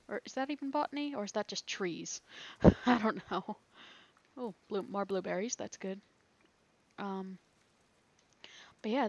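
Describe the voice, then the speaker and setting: A woman's voice: mid-range voice, highs cut off. Giggly woman rambling through gameplay. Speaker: gaming video creator. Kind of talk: thinking aloud during gameplay.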